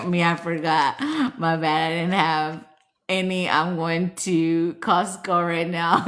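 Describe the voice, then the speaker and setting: A woman's voice: on the low side, slow, a bit bright. A young woman chatting casually with her viewers, playful, swearing freely and laughing often. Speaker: vlogger reading cards and chatting with viewers. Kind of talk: casual chat.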